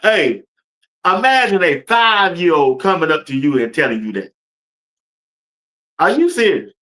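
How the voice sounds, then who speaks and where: A man's voice: a little high, expressive, moderate pace, pushed and bright. A man hosting a casual sports talk stream, speaking loosely and colloquially, laughing often and talking straight to his viewers. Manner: addresses viewers and chat directly. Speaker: sports talk show host. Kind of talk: casual sports commentary livestream.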